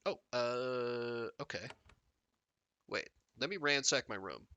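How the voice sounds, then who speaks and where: A man's voice: medium pitch, slow, clear, resonant tone, muffled recording. A man streaming a text game live, reading the story aloud and joking about it. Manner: jokey, animated, reads game text and riffs on it.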